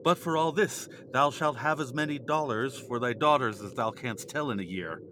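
An actor playing a sly, mocking court jester who speaks in sing-song rhymes and teasing quips. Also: male voice, medium pitch, normal speed, bright, forceful tone, a little hiss or hum, close to an everyday voice.

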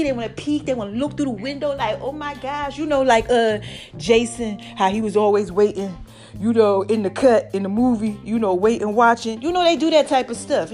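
A young woman hosting her own show, chatting playfully to her followers and calling them baby, with faint music underneath. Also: fairly high pitch. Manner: animated, playful, calls listeners baby. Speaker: vlogger and podcast host. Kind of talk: casual chat to followers.

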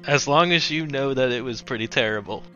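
A man's voice: medium pitch, brisk, pushed and bright, highs cut off, faint music behind. A man running a tabletop horror game as game master, teasing the players and laughing often.

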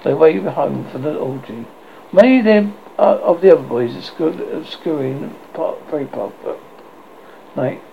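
A man reading a children's storybook aloud, with a gravelly, slightly high voice and a lively, rising and falling delivery. He often stumbles and goes back over words. The recording is dull and lo-fi, with a faint hiss of background noise. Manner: halting, self-correcting reading. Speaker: audiobook reader.

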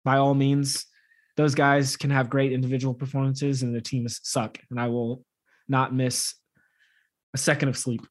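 A man's voice: medium pitch, level tone. A man co-hosting a casual soccer podcast, talking in an emphatic, opinionated way. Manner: emphatic, opinionated, quick to laugh at the league. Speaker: podcast co-host.

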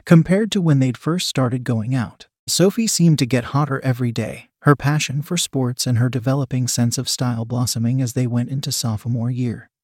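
Casting: male narrator for an adult story, mid-pitched, dry close sound. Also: normal speed, few pauses, darkish tone, no echo.

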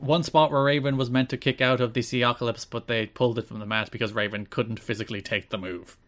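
A man co-hosting a casual podcast, recapping wrestling events with deadpan asides. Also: mid-range voice, fast talker. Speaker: podcast co-host.

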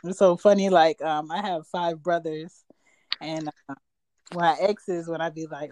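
A woman in her thirties from Georgia, chatting casually and telling animated stories with big jumps in her voice. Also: a little slow. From United States (Georgia). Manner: animated, laughing storyteller with big pitch jumps. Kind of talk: casual chat.

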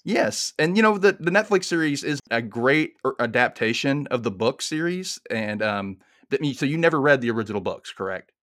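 Male podcast host, upbeat and chatty, laughs a lot, mid pitch. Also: animated, brisk, hardly any pauses, fairly bright tone. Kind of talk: casual podcast chat.

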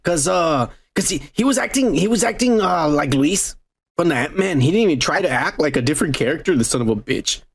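A man's voice: a little high, expressive, fairly quick, vocal fry, husky. A man co-hosting a podcast, chatting casually over beers, profane and loose, often laughing. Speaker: podcast co-host.

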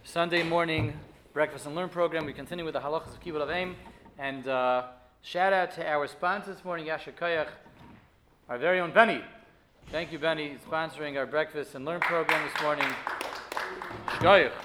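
A man giving a Torah class, lively and full of rhetorical questions, often restarting his sentences. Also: on the high side, normal speed, a little hiss or hum. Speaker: rabbi teaching a weekly class.

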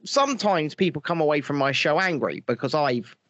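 High-voiced man, sweary host. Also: expressive, brisk, a bit bright, no room sound, muffled recording. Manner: profane, mocking, rambling with restarts. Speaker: show host. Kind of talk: casual comedic podcast chat.

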